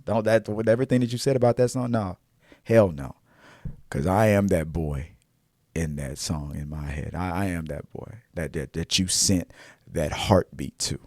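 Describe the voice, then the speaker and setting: Animated man hosting a movie talk show. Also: sits low, no echo, clean studio sound. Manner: animated, swings from hushed asides to loud exclamations; frequent restarts and repeated words. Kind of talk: casual opinion talk.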